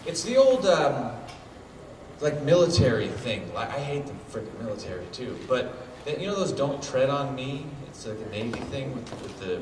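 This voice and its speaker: A man speaking as a convention guest and telling a comic story in a rambling, profane, animated way. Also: a little high. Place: convention panel room. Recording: echoey hall, distant mic, noisy.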